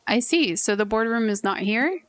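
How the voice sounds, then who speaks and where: A woman's voice: a little high, normal speed, lightly acted. A woman doing a stiff formal businessman. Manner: flat, stiff and overly formal, no contractions. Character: stiff formal businessman customer who insists on coffee.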